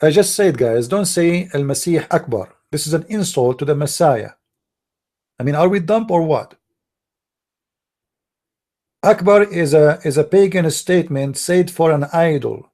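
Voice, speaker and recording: A man's voice: on the high side, unhurried, pauses often, a little mellow. A man hosting a call-in show, lecturing in a scornful, heated way and repeating himself, in non-native English. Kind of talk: heated monologue.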